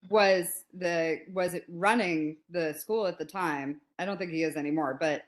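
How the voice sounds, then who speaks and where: A woman in her forties, a podcast guest telling a story in a lively, casual way and acting out quotes. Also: lowish voice, moderate pace. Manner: animated, laughs often, acts out quotes.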